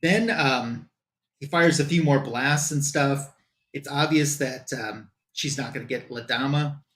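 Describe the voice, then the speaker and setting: A man's voice: mid-range voice, measured pace, fairly bright tone. A man on a comic book show, casually recapping a plot in loose quoted dialogue with lots of fillers.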